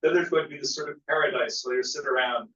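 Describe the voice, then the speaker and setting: A man's voice: mid-range voice, steady tone, fast talker, bright, forceful tone. A man in a church study group sharing his thoughts in a rambling, casual way, full of "you know" and "it's like.". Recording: roomy, distant, lo-fi sound.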